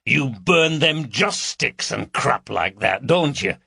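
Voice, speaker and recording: A man voicing a bulky, coarse man, who talks in a slow, mocking drawl. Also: medium pitch, animated, creaky, sharp tone, breathy edge, no room sound, pitched above the performer's own voice, exaggerated voice. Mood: leering. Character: bulky coarse Yorkshire man, leering and blunt.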